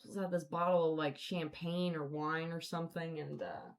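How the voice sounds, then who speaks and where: A woman's voice: low voice, fairly even intonation, moderate pace. A woman hosting a podcast, telling stories in a casual, rambling way full of swearing and fillers. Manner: rambling, profane, filler-heavy. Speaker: podcast host. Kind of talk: casual storytelling chat.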